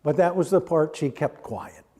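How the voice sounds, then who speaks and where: Middle-aged male pastor, fairly high mellow voice, storytelling sermon with hushed solemn turns. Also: normal speed. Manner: hushes to a near-quiet voice at solemn points. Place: church sanctuary.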